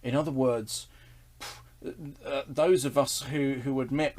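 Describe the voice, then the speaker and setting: A man's voice: medium pitch, moderate pace. A man leading a casual online Bible study, earnest and enthusiastic, chuckling and restarting as he talks.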